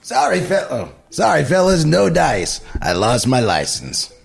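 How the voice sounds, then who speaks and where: Man reading gruff gravelly Beetlejuice. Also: a little high, wildly swooping pitch, a little slow, faint music behind, voice pushed up, heavily acted. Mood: dismissive. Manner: gruff, dismissive table-read delivery. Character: crude sleazy male ghost janitor, grumpy. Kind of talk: comedic table read.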